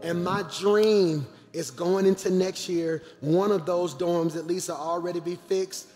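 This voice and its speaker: Animated pastor in a reverberant hall. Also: male voice, high voice, a little slow, soft background music. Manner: animated, calls out to the congregation. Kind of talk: church announcements from the pulpit. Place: large church auditorium.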